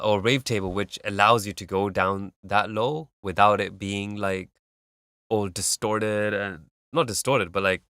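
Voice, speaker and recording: Man, low voice, casual mixing feedback, loose and rambling, dry close sound. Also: pushed and bright, dry recording. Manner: loose and instructive, many fillers and hummed beats. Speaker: music feedback streamer.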